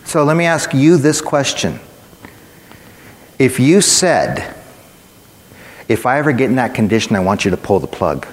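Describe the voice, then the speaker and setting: A man's voice: mid-range voice, sing-song, normal speed, long pauses. A man preaching a sermon, telling a personal story in a conversational way and speaking directly to his listeners. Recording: long hall reverb.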